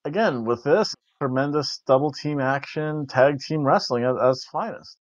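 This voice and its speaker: Speaking at a medium pitch and normal speed, this wrestling review podcast host rambles casually, cracking jokes and often starting over. There's no echo, and the audio is dull, dry and lo-fi.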